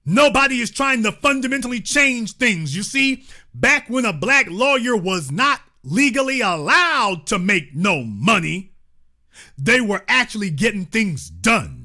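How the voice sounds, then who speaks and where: A man hosting a commentary show, delivering an animated monologue in a blunt, emphatic, repetitive way. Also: high voice, a little slow.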